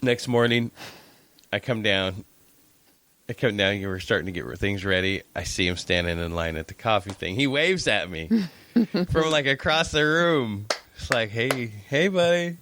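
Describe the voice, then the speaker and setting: Low-voiced man telling a story, cursing. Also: normal speed. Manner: animated, swearing, acts out voices in high pitch. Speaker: podcast co-host. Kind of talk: casual storytelling chat.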